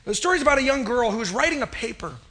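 Pastor guy preaching in church, high bright voice, cheerful and chatty. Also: sing-song, very fast. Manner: upbeat, chatty, jokes with the congregation. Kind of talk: sermon. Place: church sanctuary.

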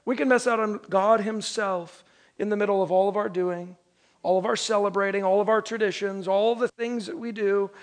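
A man with a very high speaking voice delivers a Christmas sermon. He moves from a lively joke story into earnest preaching, slowing down and leaning on key phrases for emphasis. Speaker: pastor.

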